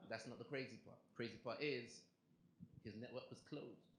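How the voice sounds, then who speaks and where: With heavy background noise in the mix, a young English comedian performs live at a club, his medium-pitched voice moving at a moderate pace as he talks to the crowd in a punchy, conversational manner. The room is echoey, and audience laughter is audible.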